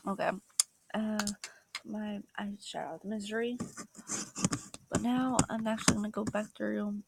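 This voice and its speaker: A young woman chatting through a makeup tutorial, joking at her own expense and slipping into soft asides. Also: mid-range voice, fairly even intonation, measured pace, creaky, pauses often, background noise. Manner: chatty, self-mocking, drifting into soft asides. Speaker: makeup vlogger.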